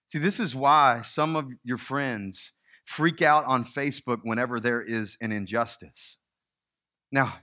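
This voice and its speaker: A man's voice: medium pitch, sharp tone. A male pastor preaching a sermon in a conversational, emphatic way.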